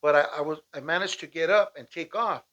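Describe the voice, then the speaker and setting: A man from Southern California telling a personal story in a casual, animated way, often asking "right?" and acting out shouted lines. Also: fairly high pitch, a little fast. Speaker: storyteller recounting a personal escape. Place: at home with dogs nearby.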